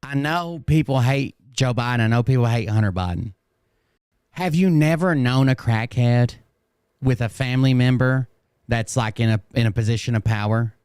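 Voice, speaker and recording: A man's voice: medium pitch, normal speed, a little mellow, clear, resonant tone, no echo, studio quality. A man streaming and commenting on clips, blunt and sarcastic and swearing freely, his voice a bit strained. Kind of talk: casual profane commentary.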